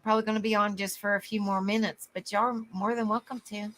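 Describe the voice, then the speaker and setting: A woman's voice: mid-range voice, level tone, fast talker, a bit bright, a little hiss or hum. A woman hosting a casual live stream, affectionate with viewers, exclaiming often and laughing easily. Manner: affectionate, calls viewers honey and sweetheart.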